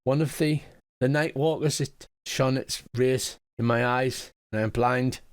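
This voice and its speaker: A man voicing a frail, kindly blind old woman, speaking in a gentle, quavering voice. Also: mid-range voice, fairly even intonation, unhurried, smooth, lightly acted. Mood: pleading.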